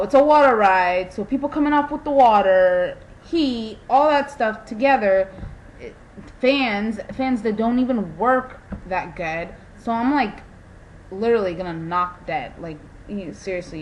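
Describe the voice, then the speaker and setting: A young woman venting in a casual vlog, telling animated stories with lots of "like" and an exasperated tone. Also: medium pitch, slight background noise, poor audio. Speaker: vlogger.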